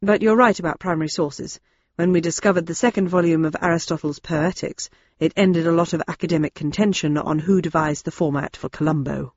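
A woman's voice: low voice, a little fast, darkish tone, slightly rough, no room sound, lo-fi sound. A woman reading the part of a precise, bookish male librarian in an audiobook. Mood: earnest.

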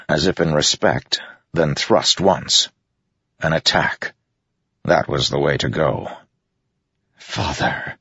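Brief: low-voiced male audiobook narrator, dramatic steady read, dry and dull recording. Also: husky, no room sound. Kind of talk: scripted fantasy narration.

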